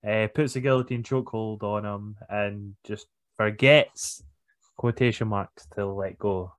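A man co-hosting a podcast, recapping matches in a casual, unhurried way with lots of fillers. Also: on the low side, fairly even intonation. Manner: unhurried, hesitant with many fillers. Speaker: podcast co-host. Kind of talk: casual chat recapping wrestling.

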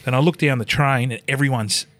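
A middle-aged Australian man, a former rugby league player, telling a story on a podcast in a lively, sweary way, acting out the voices of the people in it. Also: mid-range voice, brisk, no room sound. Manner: animated, swears often, acts out quoted voices. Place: podcast studio.

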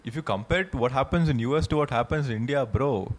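Fast-talking young man, blunt jokes. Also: mid-range voice, a little hiss or hum. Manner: blunt, joking one-liners. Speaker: podcast co-host. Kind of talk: casual chat among friends. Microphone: cheap USB mic.

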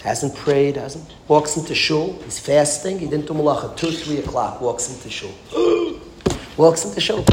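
A rabbi teaching a class tells a story as a sermon, using emphatic, repetitive phrasing that builds to passionate exclamations. His voice is a little high and animated, at a moderate pace with hardly any pauses, in an echoey room with background noise.

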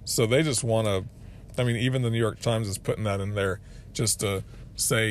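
A man's voice: lowish voice, normal speed, a little hiss or hum. A man hosting a solo podcast, giving earnest political commentary, often restarting his phrases and reading quotes aloud. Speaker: podcast host.

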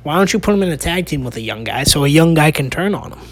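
A man's voice: a little high, animated, fast. A man hosting a casual opinion podcast, rambling with restarts and rhetorical questions, sounding exasperated. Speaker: podcast host.

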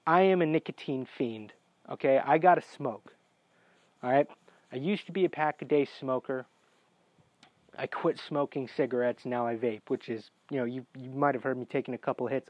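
A man's voice: fairly high pitch, moderate pace, pauses often, dry recording. A man telling a rambling personal story in a casual, profane way that gets heated. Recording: dry, dull lo-fi recording.

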